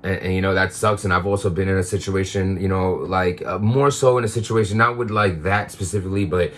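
A man's voice: sits low, fairly even intonation, fairly quick. A man talking in a casual confessional monologue, rambling with lots of fillers and restarts. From Queens, New York. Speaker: vlogger.

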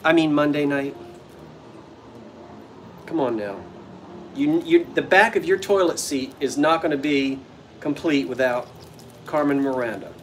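A man's voice: a little high, measured pace, pauses often, slight background noise. Chatty man hosting a playful live sale. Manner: chatty and playful, joking with viewers. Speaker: vintage shop owner hosting a live sale stream. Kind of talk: casual live-stream chat. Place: front porch of an old bungalow at sunset.

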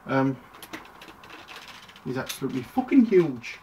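A man talks through a toy review in a loose, chatty ramble, breaking off mid-thought and circling back. He is recorded from a distance at home, with clear background noise and plastic clicks under his voice. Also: mid-range voice, very animated, a little slow, warm tone. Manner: rambling, chatty, self-interrupting. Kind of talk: casual toy review vlog.

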